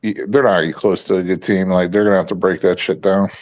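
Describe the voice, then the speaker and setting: Male co-host with a lowish voice, casual football chat, loose and rambling. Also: steady tone, fairly quick, a little mellow. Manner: rambling, filler-heavy, swears casually. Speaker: podcast co-host.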